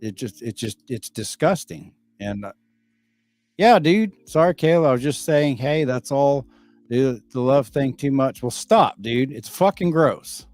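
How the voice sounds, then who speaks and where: A man's voice: medium pitch, moderate pace, darkish tone, no echo, soft background music. A middle-aged man chatting casually on a livestream, bluntly and with lots of swearing, as he reads out and answers viewer comments. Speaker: livestreaming father answering chat.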